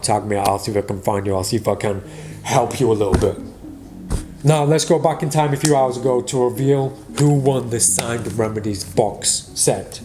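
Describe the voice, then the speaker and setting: A man hosting a magic vlog, casually reading out viewers' joke comments and teasing an off-camera helper. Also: mid-range voice. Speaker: magician host. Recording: background music.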